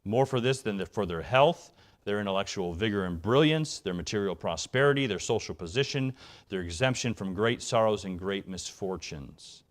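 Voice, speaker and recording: A man with a low-pitched voice preaches a sermon in a church sanctuary. He talks earnestly and sometimes sinks to a soft, hushed near-whisper. Then he surges into quick, rising bursts of feeling. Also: lively intonation. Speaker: evangelist preacher.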